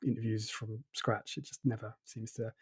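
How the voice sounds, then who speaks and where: A man with an Essex accent co-hosting a tech podcast, relaxed and chatty. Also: lowish voice, moderate pace, breathy edge. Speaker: podcast co-host. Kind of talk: casual tech discussion.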